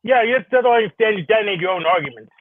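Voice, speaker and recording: A man's voice: sits high, very fast. A man on a livestream panel taunting his opponent and repeating himself. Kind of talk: casual debate on a livestream. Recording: tinny phone-like line.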